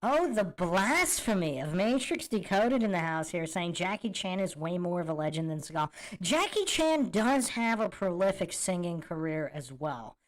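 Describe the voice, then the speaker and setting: A woman's voice: on the low side, very animated, moderate pace, few pauses. A woman hosting a podcast, reacting to clips with incredulous rhetorical questions. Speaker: podcast host. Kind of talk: reaction commentary.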